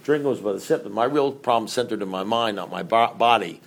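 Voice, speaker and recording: A man's voice: on the low side, fast talker, creaky. Middle-aged man sharing at a recovery meeting. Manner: rambling, conversational, asks the audience questions. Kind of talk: recovery talk to a group.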